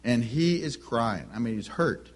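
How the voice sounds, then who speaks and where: During a sermon, a middle-aged preacher with a husky, breathy voice shares homespun family stories, stepping into each character's lines as he goes. He speaks at a medium pitch, animated and unhurried.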